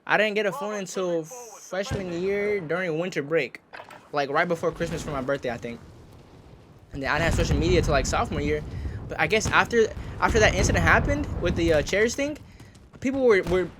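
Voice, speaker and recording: Here a gaming video creator, a young man with a high voice, chats briskly through an embarrassing anecdote mid-game in a shooter. "Bro" comes up constantly in his animated, slangy delivery. Gunfire from the game and other background noise are audible.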